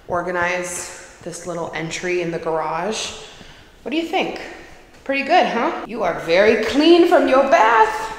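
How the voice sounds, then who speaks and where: A woman's voice: mid-range voice, rough recording. Chatty young woman vlogging casually. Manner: chatty, lots of likes and ums; coos in baby talk to her dog. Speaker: lifestyle vlogger. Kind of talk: casual vlog chat.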